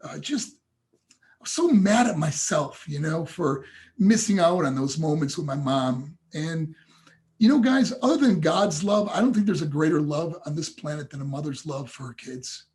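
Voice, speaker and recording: A slightly high, darkish-toned voice belongs to this animated motivational speaker, who joins a podcast by video call at a moderate pace. He earnestly relates a personal story with emotion, addressing the hosts as "guys."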